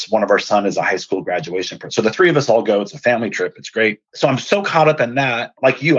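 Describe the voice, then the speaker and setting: Husky-voiced man telling his story. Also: fairly low pitch, no room sound, muffled recording. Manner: earnest, animated retelling with quoted dialogue. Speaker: podcast host and speaker. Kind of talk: personal storytelling.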